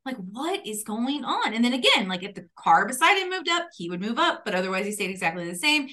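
A woman's voice: mid-range voice, sing-song, fast, pushed and bright. A woman telling a funny story in casual chat, acting out quotes and laughing often.

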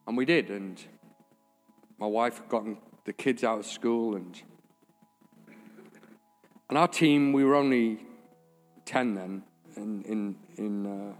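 A man's voice: mid-range voice, unhurried, long pauses. A man preaching a sermon, telling a personal story in an informal, earnest way. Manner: informal, jokey asides, then earnest and emotional. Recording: reverberant church hall with faint music.

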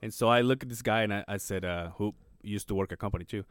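On the low side and fast, this man's voice is clear and resonant, recorded in studio quality with no echo. A podcast co-host whose first language is Spanish, he tells a work story in casual chat, animated and swearing, acting out quotes as his voice jumps up.

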